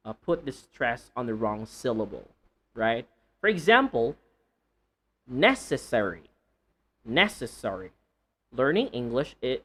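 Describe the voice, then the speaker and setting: A man teaching English pronunciation, slowly repeating words one by one and joking between them. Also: mid-range voice, fairly bright tone. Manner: slow deliberate repetition of words, playful and laughing. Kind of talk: pronunciation lesson.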